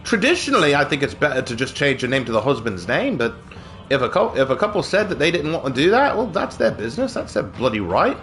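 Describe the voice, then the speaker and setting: A man's voice: mid-range voice, sing-song, quick pace, fairly bright tone, faint music behind. A game streamer, a man, chatting through his matches in a hammy put-on British accent full of mock slang. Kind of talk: gaming livestream commentary.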